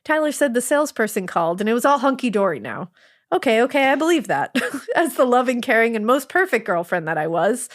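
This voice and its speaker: A woman's voice: fairly high pitch, very animated, fairly quick. A woman podcast co-host reading a listener's story aloud in a sarcastic, swearing, laugh-prone way. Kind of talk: casual storytelling read-aloud.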